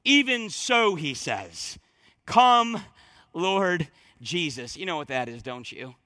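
A high, bright male voice, preaching from the pulpit. He swings between urgent, ringing emphasis and hushed, low asides. The sound is close and dry. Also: very animated, slow pace, dry recording. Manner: emphatic, rising to fervent peaks then dropping low and quiet. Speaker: pastor. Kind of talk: expository sermon.

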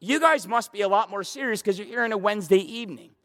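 A man preaches to his congregation, his voice sitting high for a man. He builds to emphatic, repeated questions, and his words hang in the long reverb of the church hall. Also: fast, a bit bright. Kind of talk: sermon.

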